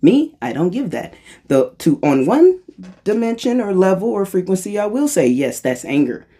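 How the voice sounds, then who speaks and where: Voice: sing-song, moderate pace, mellow. A spiritual channeler giving a casual freestyle monologue, rambling and correcting themselves, with a playful, self-mocking humor. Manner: playful and self-mocking, jumps into high-pitched voices for quotes; rambling, restarts and corrects itself.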